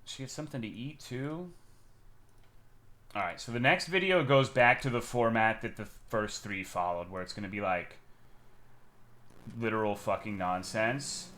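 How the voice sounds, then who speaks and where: A man streaming a game, talking casually in a rambling, profane, excitable way, swinging from loud bursts to mumbled asides. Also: fairly low pitch, normal speed, long pauses, slight background noise. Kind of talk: casual live-stream gameplay commentary.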